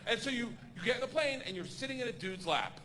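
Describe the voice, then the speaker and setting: Brash stand-up comic, high and lively, crude storytelling, live club crowd noise behind. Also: male voice, fast. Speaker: stand-up comedian. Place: comedy stage before a crowd.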